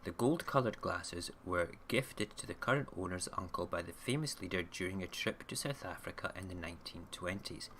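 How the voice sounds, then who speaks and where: A man's voice: sits low, lively intonation, moderate pace, few pauses, a bit bright, a little hiss or hum. A man hosting an online radio show, rambling casually through news stories and often checking in with "okay?". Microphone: camera mic, recording himself on video.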